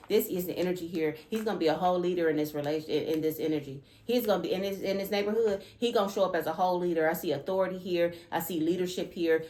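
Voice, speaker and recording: A woman's voice: fairly low pitch, darkish tone, roomy sound. A woman doing a casual tarot reading, emphatic and repetitive, checking in with "okay?" and "all right?" after each point. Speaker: tarot reader.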